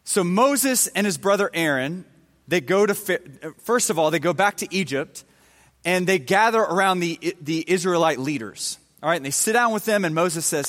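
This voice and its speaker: A man's voice: sits high, expressive, moderate pace, fairly bright tone. A man preaching a sermon, retelling a Bible story in a casual, conversational way with everyday slang. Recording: long hall reverb.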